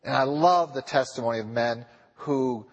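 A man preaching a sermon in a church, with a husky voice, pressing his listeners with repeated rhetorical questions. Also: mid-range voice, moderate pace, lo-fi sound. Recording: long reverb of a large hall.

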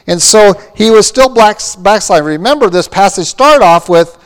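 Guy preaching in a big echoey hall, high voice, earnest and pointed. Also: expressive, normal speed, hardly any pauses, clean tone. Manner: earnest preaching, quoting scripture. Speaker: pastor. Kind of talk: sermon.

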